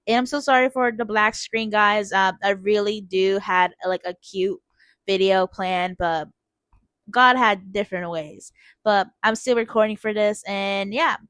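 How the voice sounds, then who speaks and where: A woman's voice: mid-range voice, a bit bright, no echo. A young woman talking casually in a vlog voice-over, filling her sentences with "like" and acting out her own past reactions. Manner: chatty, many "like" fillers, exclaims quoted reactions. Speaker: vlogger.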